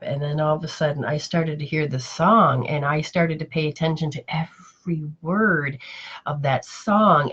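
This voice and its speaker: A woman's voice: deep voice, fairly bright tone, husky, muffled recording. A woman spiritual teacher in casual live chat, telling stories in a rambling, emotional way with many restarts.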